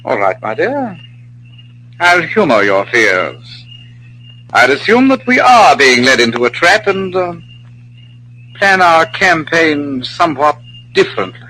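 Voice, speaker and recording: A man playing a suave, scheming male enemy spy with smooth, oily politeness, in 1940s radio acting style. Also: fairly high pitch, sing-song, unhurried, long pauses, pushed and bright, slight background noise, heavily acted, rough recording.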